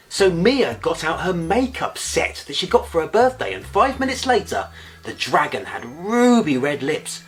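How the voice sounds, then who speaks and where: A man narrating a bedtime story in a playful, expressive way, with comic asides. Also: a little high, moderate pace, soft background music.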